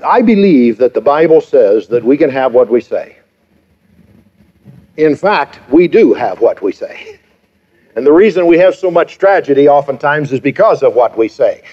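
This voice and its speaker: Emphatic preaching man in his fifties. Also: a little high. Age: 50s. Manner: emphatic, preaching with rhetorical questions and repetition. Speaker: pastor. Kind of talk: sermon. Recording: dull lo-fi sermon recording.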